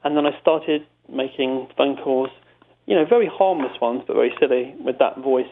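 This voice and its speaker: A man's voice: medium pitch, normal speed, gravelly, a little hiss or hum. A British man, a comedy writer, chatting in an interview, telling rambling, self-amused stories with many restarts. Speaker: comedy writer and prank caller. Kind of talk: casual interview chat. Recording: tinny phone-line sound.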